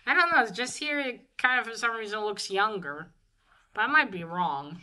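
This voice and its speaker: A woman's voice: on the high side, lively intonation, normal speed, sharp tone, low-quality recording. A woman giving a casual spoken manga review, rambling through the plot with many fillers and restarts, then gushing over the art. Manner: gushing when pointing out cute art.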